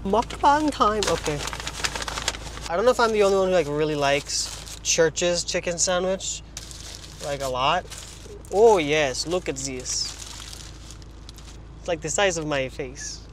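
A young man from Trinidad vlogs on his phone from his parked car while eating, rambling with jokey asides. His voice is on the high side, at a measured pace with long pauses, and there's a little hiss or hum.

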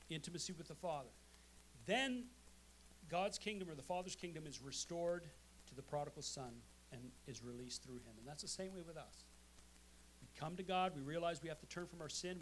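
Pastor guy preaching in church, kinda high voice, punchy, keeps asking amen. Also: fairly bright tone, a little hiss or hum. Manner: emphatic, calls out "amen?" to the congregation. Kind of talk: sermon. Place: church sanctuary.

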